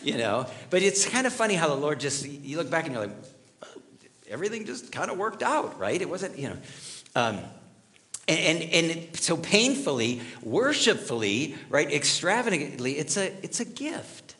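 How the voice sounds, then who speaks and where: A man's voice: on the high side, very animated, normal speed, sharp tone. A middle-aged man preaching a sermon in a conversational way, telling personal stories and asking his listeners questions. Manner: conversational, storytelling, asks the audience questions. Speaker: pastor.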